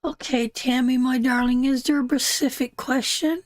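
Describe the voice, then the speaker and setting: A woman's voice: high voice, steady tone, normal speed, no echo. A middle-aged woman from Canada giving a live tarot reading, emotional and heartfelt, repeating phrases for emphasis. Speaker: tarot reader hosting a live stream.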